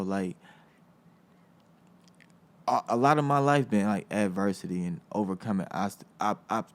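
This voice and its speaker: A young man from South Berkeley speaks in a lowish voice, in a casual, unfiltered way. He leans on street slang and swearing and hammers his points with defiant emphasis. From South Berkeley, California. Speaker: rapper, interview guest. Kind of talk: casual interview talk.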